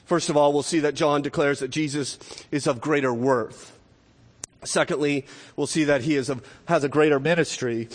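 A man's voice: fairly high pitch, fairly even intonation, moderate pace. A male pastor preaching a sermon in an earnest style, often restarting phrases and adding rhetorical asides. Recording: long hall reverb.

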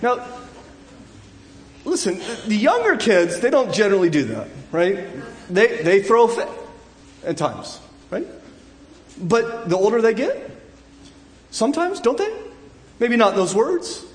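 High-voiced man preaching in an echoey hall. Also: sing-song, a little slow, long pauses. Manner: conversational, frequent restarts and asides, rising to loud emotional cries. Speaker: pastor. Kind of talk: sermon.

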